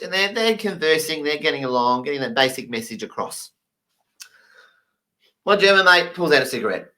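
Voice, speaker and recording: A man telling comic stories in a lively way, acting out the people in them. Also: fairly high pitch, moderate pace, long pauses. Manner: animated, acts out the people in his stories. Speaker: comedian. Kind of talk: comedic storytelling.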